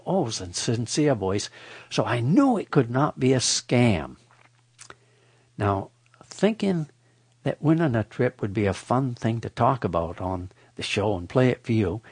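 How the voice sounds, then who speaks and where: An older man hosting a radio show, telling a folksy comic story in a wry, deadpan way. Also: mid-range voice, breathy edge, no echo. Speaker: radio host.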